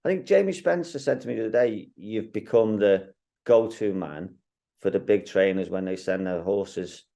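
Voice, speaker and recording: A man with a low, mellow voice hosts a racing interview. He is chatty and friendly, teasing his guest as they talk. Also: moderate pace, gravelly. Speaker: racing TV presenter. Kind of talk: interview, casual chat.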